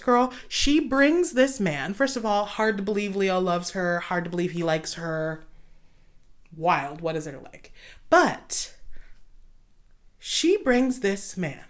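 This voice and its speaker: A young woman hosting a show, ranting in casual commentary, animated, sarcastic and exasperated. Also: medium pitch. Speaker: host.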